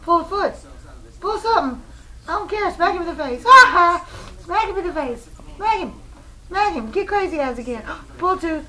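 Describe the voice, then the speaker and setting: A woman voicing a feisty, cranky house cat in a squeaky, cussing voice for a home video. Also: expressive, normal speed, bright, forceful tone, heavily acted, poor audio. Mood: giddy.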